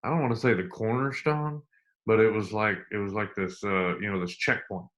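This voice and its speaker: A middle-aged man speaks in a low voice. He tells his story with earnest repetition and slows right down when it matters. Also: fairly even intonation, a bit bright. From United States. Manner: earnest, repeats himself, slow and emphatic at emotional points. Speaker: interview guest, army veteran. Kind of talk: candid storytelling interview.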